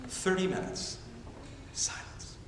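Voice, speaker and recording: A man preaching a sermon as a missionary, animated and emphatic, with self-deprecating humor. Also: slow, far from the mic, a little hiss or hum. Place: large church sanctuary. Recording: echoey church hall from afar.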